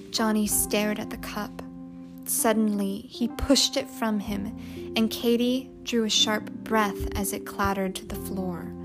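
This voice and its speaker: Slow, expressive woman storyteller. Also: mid-range voice. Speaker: narrator. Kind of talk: storybook read-aloud. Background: music.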